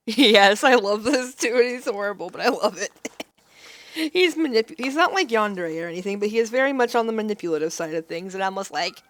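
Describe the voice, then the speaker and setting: A woman's voice: medium pitch, lively intonation, brisk, no echo. A woman in her thirties streaming a game, making giggly, playful asides between lines. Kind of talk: casual game commentary.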